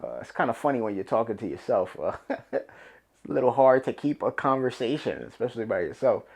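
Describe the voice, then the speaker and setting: A man's voice: medium pitch, animated, brisk, creaky, husky. Profane, rambling New York man ranting solo. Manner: profane, emphatic, loose and rambling. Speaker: podcast host. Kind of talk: solo podcast rant. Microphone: camera and podcast mic.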